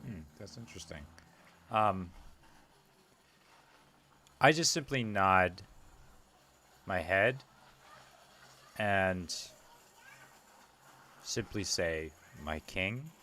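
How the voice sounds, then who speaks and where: A man playing a tabletop game, quiet and deadpan. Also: low voice, very slow, pauses often. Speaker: player.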